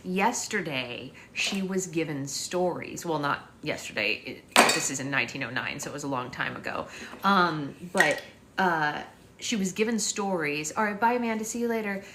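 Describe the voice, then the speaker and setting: Chatty young mother, slightly low voice. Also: animated, moderate pace, heavy background noise. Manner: rambling and chatty, with sing-song baby talk to her daughter. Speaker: live-stream host and mother. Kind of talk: casual live-stream chat.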